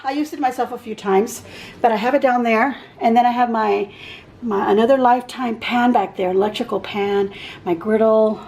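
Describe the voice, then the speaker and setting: Woman from Texas, middle-aged, gravelly, rather high voice, rambling kitchen vlog chat, faint room ambience. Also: a little mellow, low-quality recording. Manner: chatty, rambling, searching for words. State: out of breath. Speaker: vlogger. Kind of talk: casual home tour chat. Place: home kitchen.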